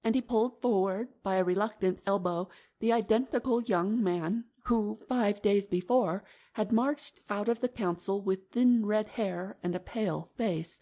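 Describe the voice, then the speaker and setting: A woman narrating an audiobook in an even, measured manner. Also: mid-range voice.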